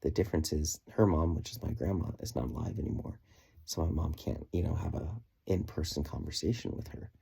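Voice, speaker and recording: A man's voice: extremely low pitch, steady tone, fairly quick, gravelly, dark tone, slightly rough. A man recording a personal video diary, telling an earnest, reflective story with plenty of fillers. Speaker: vlogger.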